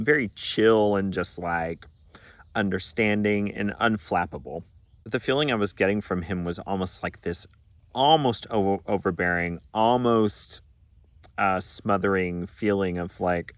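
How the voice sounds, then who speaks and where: A man's voice: fairly low pitch, measured pace, no echo. A man from Arkansas telling a personal spiritual story in an earnest, reflective way, sometimes acting out remembered dialogue. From Arkansas, United States. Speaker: pagan vlogger.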